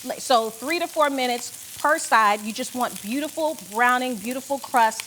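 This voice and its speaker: Woman, chef, cooking demo, upbeat, gushing, slightly high voice, faint frying noise. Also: moderate pace, fairly bright tone. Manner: upbeat, gushing, says "beautiful" a lot. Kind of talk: cooking demonstration. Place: studio kitchen.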